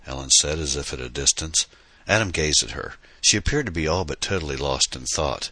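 A man narrates a science fiction audiobook in a steady storytelling manner. His voice is extremely low yet bright and forward in tone. The recording is dry and close to the mic. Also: fairly quick, husky, no echo. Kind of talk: scripted narration.

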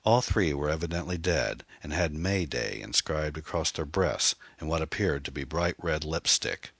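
A man narrates a mystery audiobook in a steady, suspenseful manner. His voice sits very low, husky and forceful. The recording is dry and close. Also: moderate pace, dry recording.

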